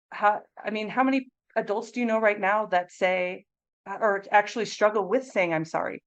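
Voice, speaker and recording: Animated woman training early educators. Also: mid-range voice, low-quality recording. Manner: animated, conversational, acts out classroom phrasings in a bright teacher voice. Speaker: early childhood mental health consultant.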